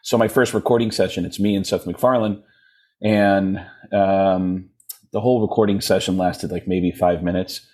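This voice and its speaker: A comedian guest tells his stories in a husky, fairly low voice. He is animated and self-mocking, laughs often, and restarts sentences as he goes. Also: moderate pace. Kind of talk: casual storytelling in conversation.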